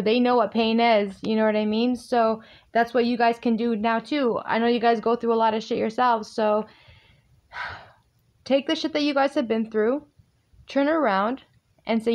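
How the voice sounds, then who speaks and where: A woman with a fairly high voice runs through a tarot reading for her viewers. She talks bluntly and with emphasis and swears freely. Her tone is direct and forceful. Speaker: tarot reader.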